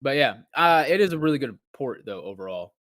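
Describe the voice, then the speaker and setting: A man in an easygoing podcast chat, mid-pitched and rambling, stumbling through restarts as he acts out his reactions. His voice is close and dry on the mic, with no room sound. He talks as a regular on the show. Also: very animated, brisk, a bit bright, dry recording. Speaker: podcast co-host. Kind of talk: casual chat.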